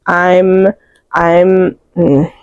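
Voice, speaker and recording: A woman's voice: fairly low pitch, level tone, drawn-out words, darkish tone, smooth, no room sound, muffled recording. A young woman chatting about books she read, emotional and rambling, full of fillers, close to tears. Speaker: book reviewer. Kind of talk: casual book wrap-up chat.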